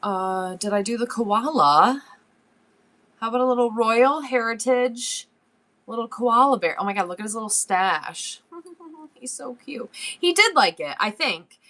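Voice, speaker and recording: A woman's voice: fairly high pitch, expressive, measured pace, sharp tone. A woman in her forties, chatting casually on a live-stream sale, rambling and laughing often as she shows antiques.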